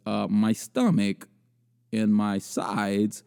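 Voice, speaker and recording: A man's voice: lowish voice, takes it slowly, creaky, mellow, clean tone. A young man hosting a podcast, telling a crude story and riffing on a video in a rambling, self-mocking way with frequent laughter. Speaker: podcast host. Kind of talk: casual comedic storytelling and video commentary.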